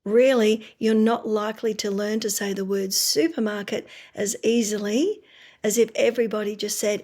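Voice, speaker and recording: Woman, speech pathologist, instructional talk to parents, friendly explaining, checks in with listener, mid pitch. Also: steady tone, normal speed, a little mellow.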